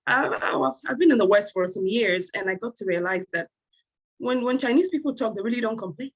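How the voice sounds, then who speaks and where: A woman from Africa speaking as a panelist on a video call, emphatic and building to animated peaks. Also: fairly high pitch, brisk, breathy edge, rough recording. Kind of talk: passionate panel discussion.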